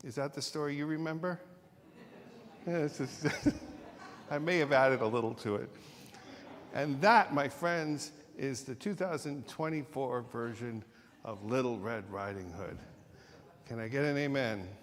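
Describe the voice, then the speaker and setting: Man, minister, playful storyteller, slow unhurried delivery, long church-hall reverb. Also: medium pitch. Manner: playful, self-correcting storyteller. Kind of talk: storytelling sermon. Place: church sanctuary.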